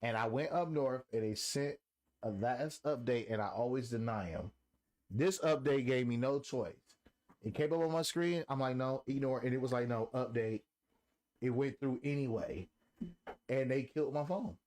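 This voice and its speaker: A man co-hosting a casual podcast chat, an animated storyteller who acts out quotes. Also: mid-range voice, normal speed. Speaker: podcast co-host.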